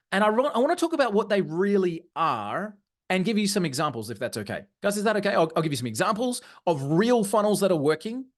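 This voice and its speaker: A man presenting a live online training session, energetic and often checking in with his audience. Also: a little high. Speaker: webinar presenter.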